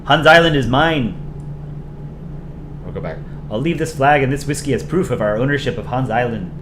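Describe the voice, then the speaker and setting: A man's voice: medium pitch, animated, normal speed, close to an everyday voice. A man voicing a stubborn, polite male countryball Canada in a mock Canadian accent, in an echoey room with noise.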